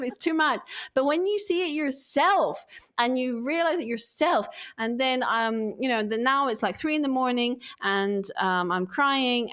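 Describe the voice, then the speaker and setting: A woman, a podcast guest and self-healing coach, telling a candid personal story and acting out her own thoughts. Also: medium pitch. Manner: animated, expressive, acts out her own thoughts.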